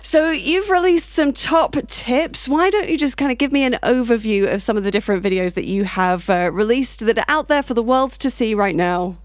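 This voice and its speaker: A woman's voice: on the high side, normal speed, hardly any pauses, no echo. A woman hosting a show, chatty and laughing easily as she interviews a guest. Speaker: radio show host.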